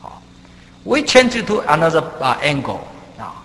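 Male preacher, halting delivery full of fillers, very lively pitch, long hall reverb. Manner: halting, many "uh" fillers, non-native grammar; rises sharply in pitch and volume for emphasis. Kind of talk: sermon.

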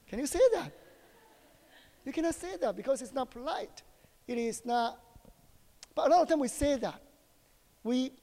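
A high-pitched man with a Taiwanese accent preaches in a church, his English halting as he keeps tossing questions to the congregation. His voice rings out with a long reverb through the hall. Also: darkish tone. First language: Chinese. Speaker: pastor. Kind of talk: sermon.

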